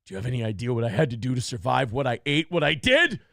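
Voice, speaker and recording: Guy doing a bitter traumatized dog, kinda gravelly, voice swings all over. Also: medium pitch, sing-song, fast, dry recording, studio quality, pitched below the performer's own voice. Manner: bitter, haunted complaint turning to shouting. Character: traumatized male house dog turned hardened survivor.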